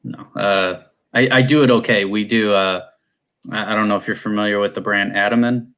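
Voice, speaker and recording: A man talks in a lowish voice as a guest on a live show. He is joining over a video call. His delivery is loose and rambling, like easy conversation between friends. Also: little pitch movement, moderate pace, a bit bright, clear, resonant tone. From Cleveland, USA. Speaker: guest, competition airgun shooter. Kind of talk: casual conversation.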